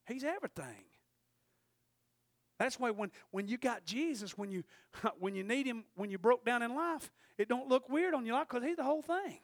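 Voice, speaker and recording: A man's voice: very high voice, lively intonation, normal speed, no room sound. Male preacher, folksy, dry close sound, big swings in volume. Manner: folksy, swings from hushed asides to shouted peaks. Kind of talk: sermon.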